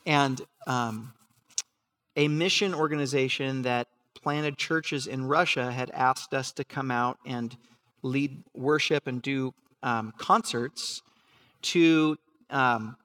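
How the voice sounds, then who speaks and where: Earnest halting man preaching a story. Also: mid-range voice. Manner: earnest, halting with restarts and fillers, laughs at himself; acts out remembered voices softly. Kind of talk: sermon storytelling.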